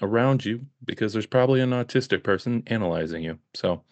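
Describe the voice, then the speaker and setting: Low gravelly joking man. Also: brisk, no echo. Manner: joking, deadpan asides, does voices. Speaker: co-host. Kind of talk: casual podcast chat.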